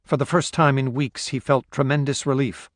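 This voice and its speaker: A male narrator with a medium voice reads a thriller in a measured, steady way. The recording is close and completely dry, with no room sound. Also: medium pitch, no room sound. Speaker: audiobook narrator. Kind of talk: scripted narration.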